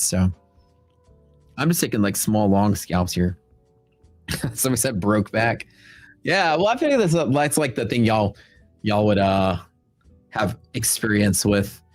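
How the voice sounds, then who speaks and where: Low-voiced Texan man, laid-back chat. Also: sing-song, normal speed, no echo, faint music behind. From Texas. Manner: laid-back, rambling, filler-heavy. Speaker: trading stream host. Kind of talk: casual livestream chat.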